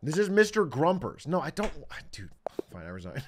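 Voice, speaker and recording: A man streaming chess games, excitable and self-mocking, swearing often. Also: a little high, moderate pace, over music. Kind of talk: live-stream chess commentary.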